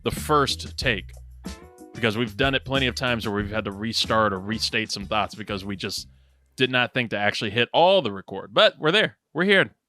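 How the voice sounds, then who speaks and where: A man's voice: lowish voice, animated, normal speed, pushed and bright, soft background music. A man hosting a podcast, opening the show in a playful, mock-formal way. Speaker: podcast host.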